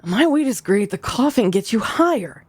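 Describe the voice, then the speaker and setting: A woman's voice: medium pitch, big pitch swings, normal speed, darkish tone, slight background noise, lightly acted. A woman doing a cocky young guy with a joint. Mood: boastful. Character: laid-back young man offering a joint.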